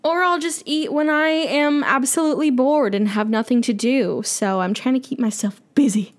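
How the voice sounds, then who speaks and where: A woman's voice: sits high, moderate pace. A woman hosting a podcast, talking candidly and rambling, swearing freely in casual chat. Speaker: podcast host.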